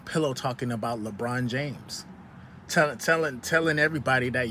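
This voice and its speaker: A man's voice: medium pitch, normal speed, pushed and bright, slight background noise. A man vlogging outdoors in the sun, giving a profane, preachy motivational rant with lots of repetition.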